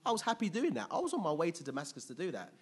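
A man preaching a sermon in a conversational, lively way, asking the congregation questions. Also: a little high, rapid-fire, husky.

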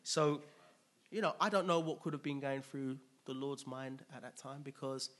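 A man preaching a conversational, animated sermon, laughing often and restarting his sentences. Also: medium pitch, moderate pace. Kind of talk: expository sermon.

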